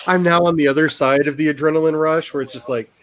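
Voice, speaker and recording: A man's voice: fairly high pitch, steady tone, a little fast, a bit bright, rough recording. A man hosting a casual writing sprint livestream, rambling and self-deprecating and laughing often.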